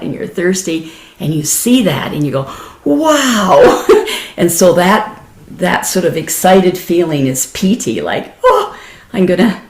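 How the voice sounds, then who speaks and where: A woman meditation teacher with a low voice gives a gentle, explanatory dharma talk in a roomy, echoing space. She laughs easily and restarts her phrases.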